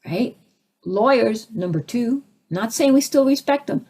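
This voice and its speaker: Brief: middle-aged woman, slightly high voice, lively spiritual teacher, asks the room questions. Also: a little slow, husky. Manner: animated, acts out quoted voices, rhetorical questions.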